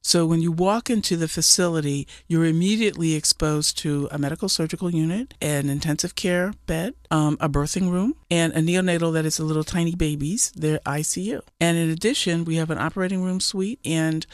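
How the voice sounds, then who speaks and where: A nursing school representative walks through the facilities step by step in a measured way. The voice sits in a middle register and is recorded dry and close. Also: medium pitch, no echo. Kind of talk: explanatory interview.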